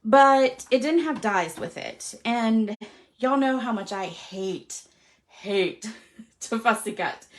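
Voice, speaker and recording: A woman hosting a live craft stream, chatty and quick to laugh, often saying y'all. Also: mid-range voice. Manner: chatty, warm-hearted, laughs often, says y'all a lot. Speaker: craft show host. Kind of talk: casual live stream chat.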